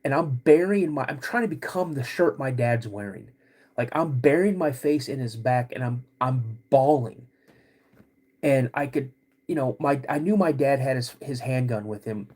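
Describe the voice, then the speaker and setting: A podcast host telling a personal story in a halting, casual way, with many restarts. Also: male voice, mid-range voice, animated, darkish tone.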